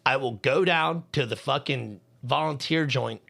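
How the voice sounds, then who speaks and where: A man's voice: medium pitch, unhurried, vocal fry, a bit bright. A young man co-hosting a podcast, telling a heated, profane story about hating Valentine's Day. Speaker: podcast co-host. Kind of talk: heated casual podcast rant.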